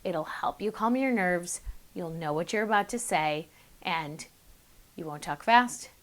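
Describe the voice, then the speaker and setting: A young woman giving public speaking tips straight to camera, in a chatty, upbeat way with quick bursts and self-aware asides. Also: lowish voice, expressive. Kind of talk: casual to-camera tips video.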